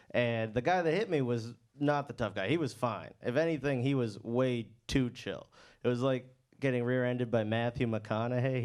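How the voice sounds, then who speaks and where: A man's voice: medium pitch, a little mellow, clear, resonant tone. Self-deprecating man doing stand-up. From South Shore of Massachusetts. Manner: self-deprecating, slow hesitant delivery with restarts. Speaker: stand-up comedian. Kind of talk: stand-up set. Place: comedy club stage.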